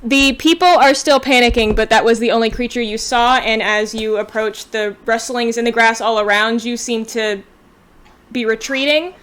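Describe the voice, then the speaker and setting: A woman's voice: fairly high pitch, fairly even intonation, moderate pace, a bit bright, smooth. A woman running a tabletop game as game master, describing the scene loosely and in detail over a home mic on a voice call.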